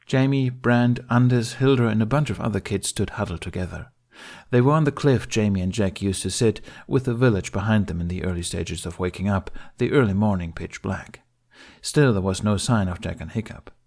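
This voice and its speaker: A man narrating fan fiction as an audiobook in a steady, emotional storytelling manner. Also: fairly low pitch, brisk.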